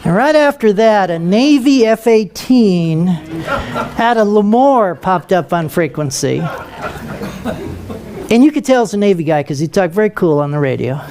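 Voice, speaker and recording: An older man, a retired pilot, tells an anecdote to an audience in a lively way, acting out radio calls. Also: high-pitched, normal speed, noisy background. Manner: lively storyteller who acts out radio calls. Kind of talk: storytelling speech to an audience.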